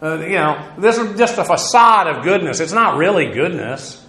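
Bright-voiced man teaching a Bible lesson. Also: a little high, lively intonation, normal speed, echoey room, poor audio. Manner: lecturing, frequent "uh" fillers, stops to repeat and rephrase. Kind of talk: verse-by-verse Greek Bible lesson.

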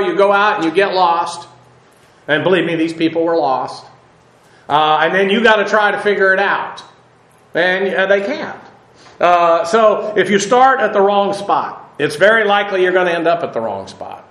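A man teaching a Bible study lecture, unhurried, with many fillers and rhetorical questions. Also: sits high, expressive, a bit bright. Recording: roomy echo.

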